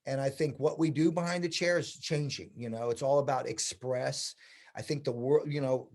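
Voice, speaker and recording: His voice is medium-pitched and moves at a moderate pace. This American man in his sixties, a longtime hairstylist and educator, spins stories in a relaxed interview, animatedly reenacting conversations from the past.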